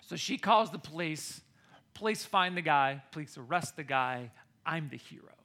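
A middle-aged American man preaching a sermon, telling a personal story with animated, excited bursts. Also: fairly high pitch, moderate pace. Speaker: pastor.

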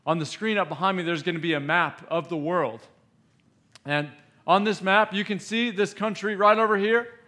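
A man's voice: sits high, moderate pace, pushed and bright. A man giving an emphatic sermon at a youth camp, asking his listeners questions as he explains scripture. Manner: emphatic, asks the audience questions.

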